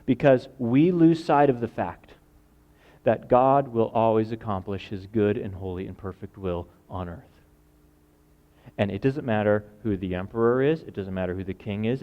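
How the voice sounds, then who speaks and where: A male pastor preaching a sermon, acting out voices and swinging from loud outbursts to hushed lines. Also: mid-range voice, moderate pace, highs cut off. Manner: dramatic, acts out quoted voices, swings from loud to quiet.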